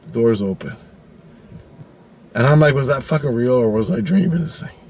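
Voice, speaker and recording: A man's voice: medium pitch, normal speed, a little hiss or hum. A middle-aged man telling a personal story casually, swearing often and acting out the voices he quotes. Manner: profane, animated, acts out quoted voices.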